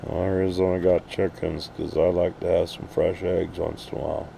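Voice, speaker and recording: A man's voice: low voice, level tone, normal speed, gravelly, mellow, a little hiss or hum. A man in a profane, blunt, rambling casual rant, recorded outdoors at night at an RV park. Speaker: RV vlogger.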